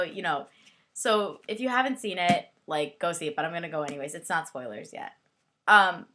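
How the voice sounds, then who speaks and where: Young woman, bright voice, giggly, rambling, casual video review, lots of "like". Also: low-pitched, slight background noise. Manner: giggly, chatty, heavy use of "like". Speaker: book and movie reviewer.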